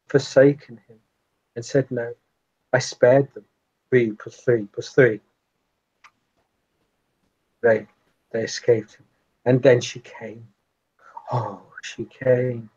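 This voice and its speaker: A man voicing an ancient, haunted female vampire who speaks in slow, halting phrases. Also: mid-range voice, darkish tone, muffled recording.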